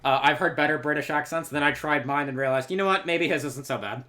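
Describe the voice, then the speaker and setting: A man's voice: a little high, fast talker, pushed and bright. A man from Texas giving casual, rambling reaction commentary, laughing and swearing often. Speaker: reaction video creator.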